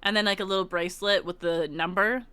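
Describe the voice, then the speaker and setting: A woman from Canada chats through a travel story on her stream, laughing between thoughts and circling back on herself. Her voice is bright and crisp, and it sounds close and dry with no room around it. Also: mid-range voice, fairly even intonation, fast, no echo. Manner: giggly, laughs often while talking; rambling, with many restarts and asides. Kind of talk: casual storytelling.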